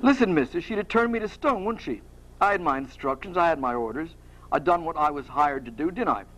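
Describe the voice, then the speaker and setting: A man reading aloud, voicing a boastful young hired hero in a rough, slangy manner. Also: a little high, moderate pace, a little hiss or hum, natural voice, poor audio.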